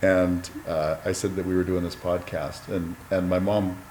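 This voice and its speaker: A man in his fifties hosting a podcast, friendly and quick to laugh in casual chat. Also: sits low, level tone. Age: 50s. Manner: warm, friendly, laughs often. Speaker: podcast host. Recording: roomy sound with faint noise.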